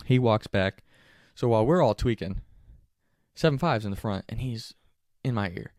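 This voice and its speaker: A young man casually telling a funny, profane story, animated and laughing often. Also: fairly low pitch, normal speed, no room sound, clean studio sound.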